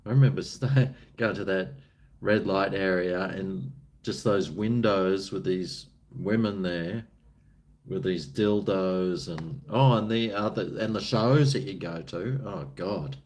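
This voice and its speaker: A man's voice: deep voice, slow pace, darkish tone. An Australian man chatting casually on a live stream, laid-back and drawling with crude banter, answering his viewers.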